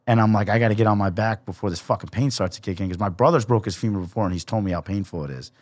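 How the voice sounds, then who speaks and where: A man's voice: lowish voice, racing, dry recording. Profane young man telling a crash story. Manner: profane, animated storytelling with acted-out quotes. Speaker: podcast guest. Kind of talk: casual storytelling.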